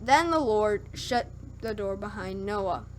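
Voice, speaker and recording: A woman's voice: mid-range voice, lively intonation, slight background noise. A woman streamer reading scripture aloud on a livestream, stumbling and correcting herself and breaking off for wry, skeptical asides. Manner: halting reading with slips and self-corrections.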